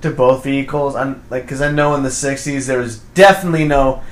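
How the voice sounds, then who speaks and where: A man recapping a film in a relaxed podcast chat, speeding up in bursts and jumping into voices for the characters. His voice sits at an ordinary middle pitch. The room gives it a noticeable echo. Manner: rambling retelling, quick bursts, acts out quotes. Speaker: podcast co-host. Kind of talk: casual movie review chat. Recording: roomy echo.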